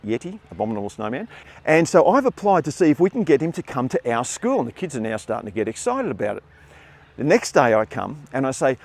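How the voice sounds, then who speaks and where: An older man with an Australian accent, a former teacher telling a classroom story in a lively way and acting out the voices. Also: medium pitch, fast talker. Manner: animated storytelling, acts out quotes. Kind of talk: spoken storytelling.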